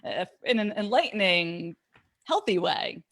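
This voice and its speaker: A woman hosting a radio interview, reacting with quick, encouraging comments. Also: mid-range voice, expressive, a bit bright. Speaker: radio host. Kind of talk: interview chat. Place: radio studio.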